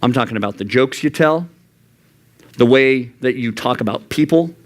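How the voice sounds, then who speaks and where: At a moderate pace, a young adult man preaches an earnest youth sermon as youth pastor in a church youth room. He often pops into animated, high voices to voice God and himself.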